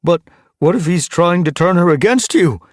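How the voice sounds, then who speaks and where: A man's voice: sits low, lively intonation, a little slow, darkish tone, breathy edge, no echo, clean studio sound, voice pushed up, exaggerated voice. A man voicing an anxious white tomcat warrior who stammers and hisses when cornered in an audiobook. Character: anxious white male warrior cat, loyal follower. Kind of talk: audiobook character voice.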